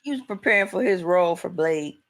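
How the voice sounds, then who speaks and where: A woman's voice: lowish voice, expressive, a little fast. A woman co-hosting a podcast in casual chat, adding comments and laughing along with her partner. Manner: chatty, laughing, backchannels a lot. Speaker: podcast co-host.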